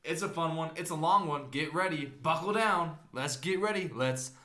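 A man co-hosting a sports podcast in casual chat, energetic and upbeat as he explains things at length. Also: a little high, moderate pace, echoey room. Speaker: podcast co-host.

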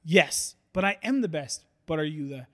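A grandiose athlete playing motivational speaker, as a man puts him on in a bit. He declaims lofty slogans in a raised, higher voice. A long hall reverb trails every line. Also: animated, normal speed, bright, forceful tone.

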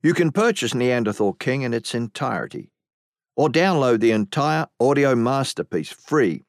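A male narrator reads a fantasy audiobook in a measured, deliberate way. His pace is slow and unhurried, with a mid-range voice. The recording is close and dry. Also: medium pitch, animated, dry recording. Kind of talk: scripted narration.

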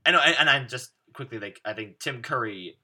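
Bright-voiced rambling male podcast host. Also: mid-range voice, a little fast. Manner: rambling, many "like" fillers, animated quoting. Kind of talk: casual chat.

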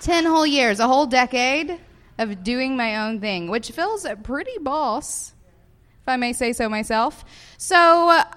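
A woman's voice: high voice, lively intonation, measured pace, a bit bright. A woman with a Southern US accent co-hosting a podcast, chatting casually and laughing often in front of a live audience. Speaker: podcast co-host.

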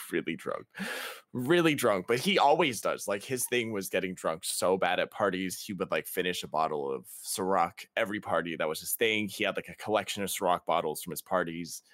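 A young man casually telling a funny story, laughing often and leaping into high voices to quote people. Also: no room sound, clean studio sound. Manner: laughing, animated, jumps to high voices quoting others. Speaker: podcast guest.

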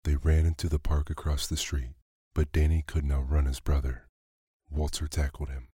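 A man calmly reading a children's story aloud as a bedtime narrator, close to the mic. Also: very deep voice, normal speed, husky, no room sound.

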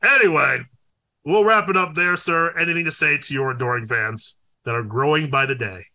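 A young man co-hosting a podcast in casual chat, animated and profane, with loud exclaims. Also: fairly high pitch, moderate pace. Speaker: podcast co-host.

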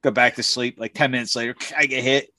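A man's voice: mid-range voice, steady tone, fast talker, bright, forceful tone, slight background noise. A man in his forties in crude, playful banter, laughing as he tells stories. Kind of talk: casual chat.

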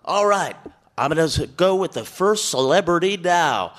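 A man's voice: fairly high pitch, expressive, moderate pace, fairly bright tone. A man hosting a comedy game show with a sassy, campy announcer manner.

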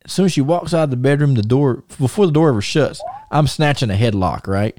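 Dark-voiced man, rambling host. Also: mid-range voice, quick pace, no echo. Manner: rambling, many restarts and fillers, animated. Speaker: podcast host. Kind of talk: casual storytelling and show segment intro.

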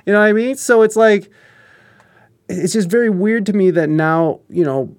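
A man's voice: high voice, normal speed. A man from the United States in casual conversation, giving his views at length in a rambling way and swearing casually. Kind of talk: casual chat.

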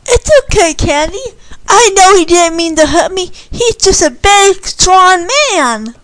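A woman's voice: extremely high pitch, animated, measured pace, no echo, pitched above the performer's own voice. A woman doing a brash, cocky orphan boy. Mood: gentle. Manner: taunting, brash. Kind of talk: storybook reading.

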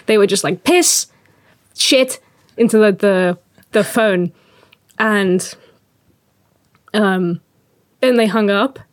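A woman's voice: medium pitch, dry recording, studio quality. A woman co-hosting a podcast, chatting casually and telling a story with frequent laughter. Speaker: podcast co-host. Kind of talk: casual chat.

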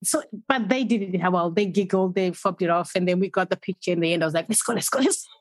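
A woman hosting a casual chat, telling her stories in an animated way and acting out her own inner voice. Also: lowish voice, fast, dry recording. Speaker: host.

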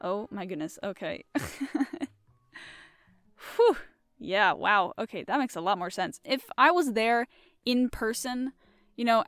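A chatty young woman hosts a casual show, giggling often and rambling through fillers as she works through mystery puzzles. Her voice sits somewhat high. The sound is close and dry, with no room echo. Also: a bit bright, clear, resonant tone. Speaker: podcast host. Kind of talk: casual chat reading mystery puzzles aloud.

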